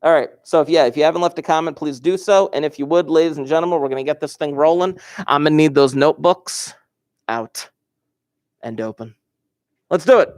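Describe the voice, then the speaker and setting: A man's voice: a little high, a little fast, darkish tone. A man teaching an algebra class over a livestream from his classroom desk, joking and teasing his students and chuckling often. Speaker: high school algebra teacher.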